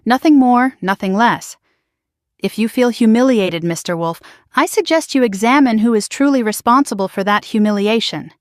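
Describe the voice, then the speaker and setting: A woman narrator voicing a stern, cool-headed male executive who speaks quietly and firmly. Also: on the high side, moderate pace, no room sound, studio quality, close to an everyday voice. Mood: cutting. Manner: quiet, firm and cutting.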